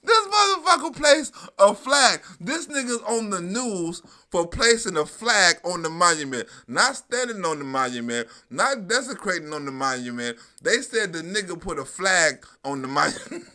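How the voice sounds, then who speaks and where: A man's voice: sits high, very animated, normal speed, bright, forceful tone. A middle-aged man from New York giving profane, mocking live-stream commentary on news clips, laughing and swearing constantly.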